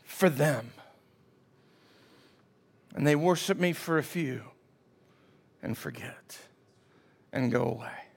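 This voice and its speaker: A man's voice: medium pitch, gravelly. A man preaching a sermon as pastor, emphatic and calling out to his congregation for responses.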